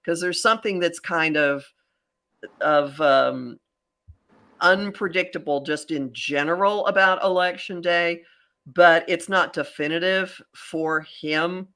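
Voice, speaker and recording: Woman, podcast host, astrologer, bright forceful tone, rambling restarts. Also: lowish voice, takes it slowly. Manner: rambling, animated, with many restarts. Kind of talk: casual podcast chat.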